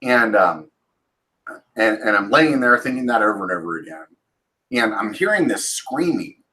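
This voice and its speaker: Casting: man in his forties, lowish voice, casual rambling storyteller, curses a lot, raises his voice for quotes. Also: lively intonation, normal speed, sharp tone, poor audio. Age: 40s. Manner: swears freely, rambling with fillers and restarts. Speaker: channel host.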